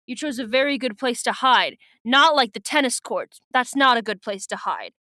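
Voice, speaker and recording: A woman voicing a young female pop singer cast as a helpful android, delivered deadpan and jokey. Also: fairly high pitch, moderate pace, no echo, studio quality.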